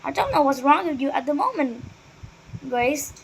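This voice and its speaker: A woman reading aloud, voicing a cheerful, gentle schoolgirl friend with a light, teasing manner. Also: sits high, animated, moderate pace, slight background noise, poor audio.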